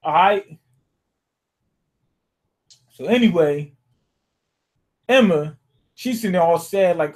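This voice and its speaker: A young man with a high voice talks through a manga chapter in a loose, rambling way. He keeps checking in with his listeners, casual and conversational from start to finish. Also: lively intonation, slow, pauses often. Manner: rambling, loose and conversational, often asks "you know what I'm saying?". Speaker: manga reviewer.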